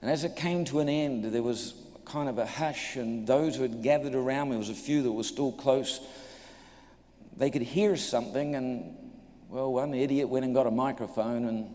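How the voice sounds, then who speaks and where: New male preacher, comic testimony storyteller, mid pitch, echoey hall sound. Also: moderate pace. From New Zealand. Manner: animated storyteller, acts out voices, jokes with audience. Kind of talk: humorous sermon testimony.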